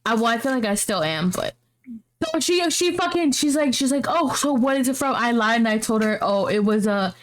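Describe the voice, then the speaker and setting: A woman's voice: sits high, lively intonation, a little fast. A young woman co-hosting a podcast, retelling a story in a casual, slangy, swearing way. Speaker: podcast co-host.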